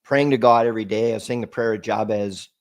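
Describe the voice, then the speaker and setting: A man, a podcast guest, telling an emotional personal story in a halting way, with frequent restarts and repeated words. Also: lowish voice, fairly even intonation.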